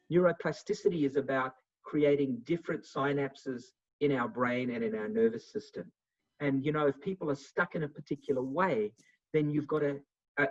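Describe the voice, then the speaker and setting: Husky man on a muffled call. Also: fairly high pitch. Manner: animated, acts out little dialogues. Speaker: webinar speaker. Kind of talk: motivational talk answering questions. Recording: muffled video call audio.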